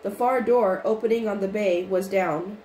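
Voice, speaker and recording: A woman narrating a storybook chapter in an even, unhurried reading voice with small restarts. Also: mid-range voice. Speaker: audiobook reader. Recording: roomy with faint noise.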